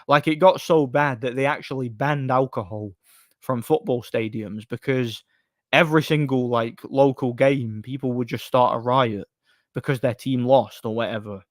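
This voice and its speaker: A man's voice: mid-range voice, moderate pace, no echo, clean studio sound. A man, hosting a live stream and chatting bluntly about boxing while reading out comments. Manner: blunt, opinionated, rambling with restarts. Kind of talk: casual stream talk, reading chat.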